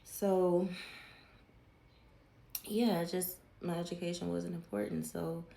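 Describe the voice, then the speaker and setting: A woman's voice: lowish voice, steady tone, slow pace, vocal fry, warm tone, reverberant. A woman, candidly telling her own story in casual talk and swearing freely. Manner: candid, swears freely, acts out quoted family voices.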